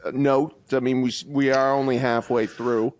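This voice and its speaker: A man co-hosting a casual podcast who teases his co-host and makes deadpan jokes. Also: mid-range voice, moderate pace.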